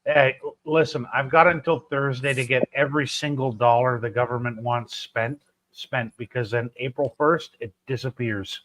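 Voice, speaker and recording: A man's voice: mid-range voice, fairly even intonation, normal speed, a bit bright, poor audio. A man chatting casually with friends on a livestream, laughing easily. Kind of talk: casual chat.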